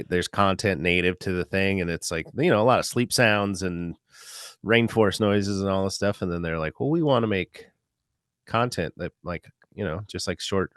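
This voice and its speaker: Deep-voiced comedian guy rambling on a podcast, dry close sound. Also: fairly bright tone, clear, resonant tone, no echo. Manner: rambling, lots of filler words. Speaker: comedian guest. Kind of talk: casual podcast chat.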